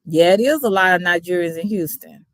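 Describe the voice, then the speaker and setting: A sleepy woman with a Texas country accent, signing off a livestream in a loose, rambling way. Her voice sits fairly low for a woman. The sound is dry, close to the mic. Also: a little fast, dry recording. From Dallas, Texas. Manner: chatty, rambling, thanks viewers by name. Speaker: YouTube reaction streamer. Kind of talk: casual livestream sign-off.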